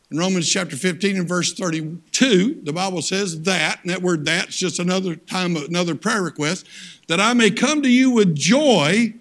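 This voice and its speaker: A male preacher delivering a sermon with a high-pitched, gravelly voice. He tells homespun stories and bursts into loud acted voices for his characters. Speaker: guest preacher.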